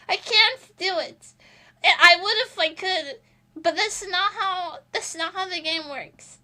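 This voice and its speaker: A woman's voice: very high voice, slow, long pauses, bright, forceful tone. A woman streamer chatting casually while she draws, rambling and laughing often between thoughts.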